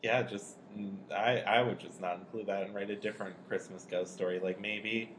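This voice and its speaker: A young podcast co-host laughs a lot while telling anecdotes in casual conversation. His fairly low, fairly bright voice holds a fairly even intonation at normal speed, with slight background noise.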